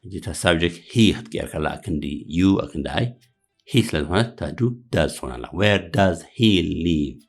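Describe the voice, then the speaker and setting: A man with a very low, deep voice gives a beginners' English lesson. He speaks quickly overall and slows right down to repeat each practice phrase. Soft music plays behind him. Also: expressive. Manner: repeats English phrases slowly and loudly, then explains quickly in another language. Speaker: English teacher.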